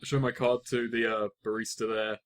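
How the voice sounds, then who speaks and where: A man's voice: fairly low pitch, level tone, fairly quick. A man playing in a tabletop role-playing game, describing what his character does in a casual, thinking-aloud way. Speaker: player.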